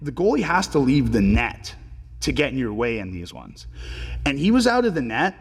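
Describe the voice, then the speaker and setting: A man's voice: medium pitch, big pitch swings, normal speed, creaky, slightly rough. Laid-back young man, filler-heavy, reverby. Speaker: podcast guest, pro hockey player. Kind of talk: casual storytelling interview.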